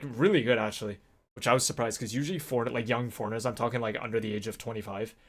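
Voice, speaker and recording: A man's voice: mid-range voice, a bit bright. A man vlogging in a casual, rambling way, with many fillers and restarts as he tells a story. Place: Japan.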